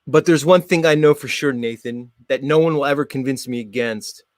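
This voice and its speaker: A man hosting his show in a sarcastic, mock-formal monologue, jumping between loud jabs and muttered asides. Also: medium pitch, fairly quick, no room sound, clean studio sound. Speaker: show host. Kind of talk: sarcastic monologue reacting to a clip.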